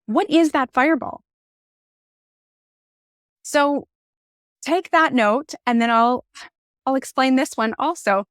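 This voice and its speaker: Middle-aged woman telling stories on a podcast, animated and open, dry close mic. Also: sits high, takes it slowly, long pauses, clear, resonant tone, dry recording. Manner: animated, expressive, candid. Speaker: podcast guest. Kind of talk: conversational storytelling. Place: podcast conversation.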